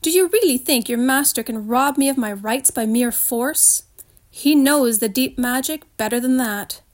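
A woman's voice: high voice, lively intonation, measured pace, darkish tone. A woman reading aloud, voicing a cruel witch queen in an icy, demanding, scornful way. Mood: menacing.

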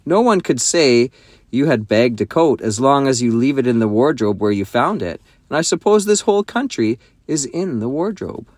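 A man's voice: medium pitch, lively intonation, moderate pace, a little mellow, dry recording, pitched above the performer's own voice, close to an everyday voice. A man voicing an eager, hearty, slightly bossy eldest schoolboy in a storybook reading.

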